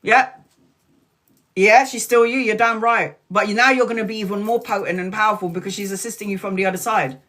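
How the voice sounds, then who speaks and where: A woman's voice: mid-range voice, steady tone, fairly quick, fairly bright tone. A woman hosting a live tarot reading, talking candidly, swearing freely and repeating her points with emphasis. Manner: earnest and emphatic, repeats lines. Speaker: tarot reader.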